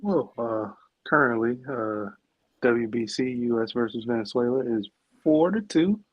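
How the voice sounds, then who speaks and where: A man co-hosting a casual watch-along chat, giving halting updates full of fillers. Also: mid-range voice, lively intonation, dry recording, dull audio. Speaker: podcast co-host.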